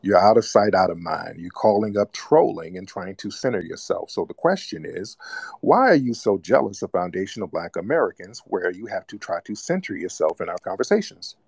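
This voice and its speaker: Low-voiced man mocking a caller. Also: animated, a little fast, vocal fry, a little mellow, slightly rough, dry recording. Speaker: host of live call-in broadcast. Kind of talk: casual call-in radio talk.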